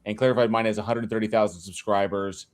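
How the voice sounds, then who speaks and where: A man's voice: on the low side, fairly even intonation, quick pace. A man hosting a casual livestream, upbeat and greeting viewers in the chat by name. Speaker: livestream host.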